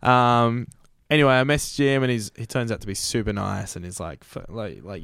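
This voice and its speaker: A man's voice: medium pitch, steady tone, brisk, creaky, fairly bright tone, clear, resonant tone, no room sound, clean studio sound. A man from Argentina, in his thirties, telling a rambling, self-deprecating story in casual chat as a guest, laughing often. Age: 30s.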